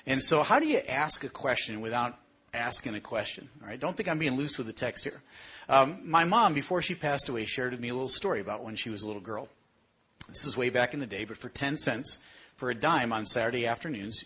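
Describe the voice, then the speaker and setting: A man's voice: medium pitch, fairly bright tone, husky, muffled recording. A middle-aged man preaching a sermon, telling stories in a conversational way and asking the listeners questions. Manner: storytelling, conversational with rhetorical questions.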